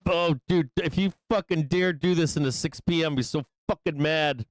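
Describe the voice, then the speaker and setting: Profane excitable man streaming live trades. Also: on the high side, moderate pace, few pauses, no echo. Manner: profane, impatient, shouts at the price chart; laughs often, excitable bursts. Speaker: live trading show host. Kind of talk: live-stream market commentary.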